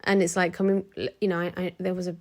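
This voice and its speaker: A woman's voice: fairly low pitch, level tone, quick pace. A woman vlogging to camera in a frank, chatty way, with many restarts, who acts out the people she quotes. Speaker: motivational vlogger. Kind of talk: casual talk to camera.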